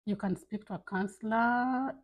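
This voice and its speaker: A woman's voice: fairly high pitch, moderate pace, poor audio. A woman talking candidly to camera, giving blunt life advice in a casual, filler-filled way. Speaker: vlogger.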